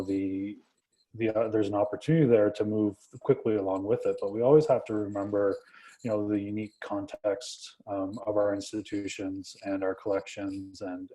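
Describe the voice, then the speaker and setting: A man speaking as a guest on a webinar panel over a video call, relaxed, filling with "you know" and repeated words. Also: fairly low pitch, low-quality recording. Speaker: guest panelist, museum digital head. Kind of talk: casual panel talk.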